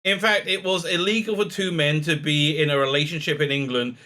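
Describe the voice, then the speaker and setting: A man's voice: on the high side, fairly even intonation, brisk, bright, forceful tone. A middle-aged man hosting a casual commentary, reading an article aloud and rambling with many fillers, restarts and laughs. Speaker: commentary host.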